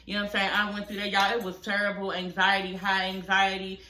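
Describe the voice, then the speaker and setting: A woman's voice: mid-range voice, monotone, fast, pushed and bright, echoey room. A woman in her forties giving casual reaction commentary, telling a personal story candidly with lots of profanity and asides. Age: 40s. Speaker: reality show commentator.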